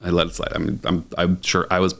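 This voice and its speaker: A man's voice: low voice, flat delivery, fast, gravelly, a bit bright. A man in his thirties, a podcast host and plastic surgeon, telling a story in a casual chat and chuckling often.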